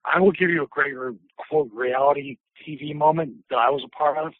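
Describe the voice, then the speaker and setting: A former wrestler, a man, telling lively anecdotes as an interview guest, acting out voices and laughing often. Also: on the high side, brisk, dry recording. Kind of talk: casual storytelling. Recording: tinny phone line.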